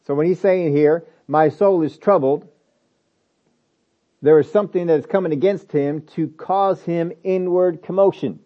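A man's voice: a little high, normal speed, muffled recording. A man preaching a sermon, emphatic and repetitive, asking rhetorical questions of his listeners.

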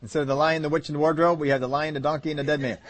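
A man's voice: a little high, steady tone, very fast. A man preaching a sermon, joking and acting out the story in voices. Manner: humorous, acts out scenes in voices, laughs often.

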